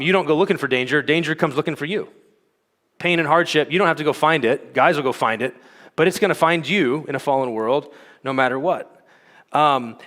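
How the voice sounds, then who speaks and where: A man with a fairly high, pushed, bright voice presents a teaching talk at a conference. He keeps it conversational, leaning on fillers and frequent "okay?" prompts to the audience, while the hall adds a long reverb.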